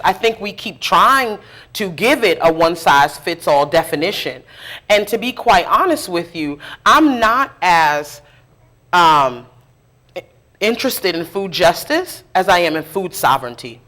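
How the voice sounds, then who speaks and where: A middle-aged woman who organizes around food justice tells her story in a live interview, talking candidly, with lively asides and laughter at herself. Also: lowish voice, normal speed. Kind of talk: conversational storytelling in a public interview. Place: live interview event before an audience.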